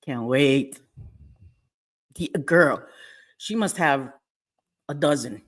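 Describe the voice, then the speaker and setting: A woman's voice: extremely low pitch, extremely slow, husky. A middle-aged woman hosting a casual live stream from home, talking bluntly with lots of swearing and frequent laughter. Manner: blunt, profane and laughing often. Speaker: livestream host.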